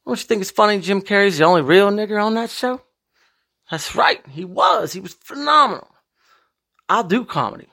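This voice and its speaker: A man hosting a podcast, talking in a profane, rambling monologue with big emphatic swings in pitch. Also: lively intonation, moderate pace, bright, forceful tone. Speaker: podcast host. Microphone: podcast microphone.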